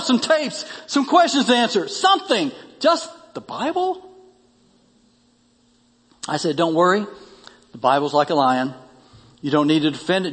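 A man's voice: high voice, big-room sound. A male pastor delivering a sermon, reading a story aloud and rising in emphasis on key lines.

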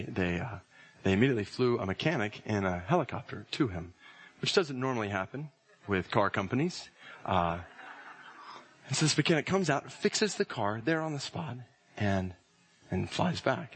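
A man preaching a sermon, telling stories and citing scripture, slowing and rising to intense emphasis on key phrases. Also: fairly low pitch, animated, husky. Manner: illustrates with stories and scripture references.

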